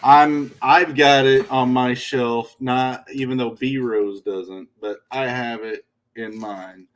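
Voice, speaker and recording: A man's voice: medium pitch, fairly even intonation, slow pace. Laughing, joking man in casual chat. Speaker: game studio streamer.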